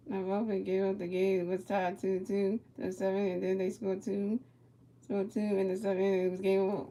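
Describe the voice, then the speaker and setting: A woman's voice: medium pitch, little pitch movement, brisk, warm tone. A woman streamer giving casual play-by-play of a baseball video game, chatting with a viewer and stumbling over repeated words.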